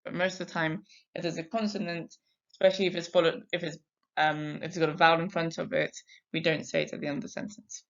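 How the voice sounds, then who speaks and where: A woman French teacher giving a recorded lesson, reading sentences slowly and twice for dictation and explaining silent letters. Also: low voice, flat delivery, dull audio. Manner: slow, carefully spaced dictation in French.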